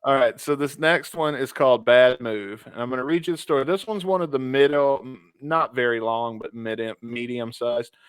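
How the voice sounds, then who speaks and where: A man's voice: mid-range voice, moderate pace, hardly any pauses, clear, resonant tone, dry recording. A young man co-hosting a casual podcast, reading stories aloud in a laid-back way with small stumbles and fillers. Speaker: podcast co-host.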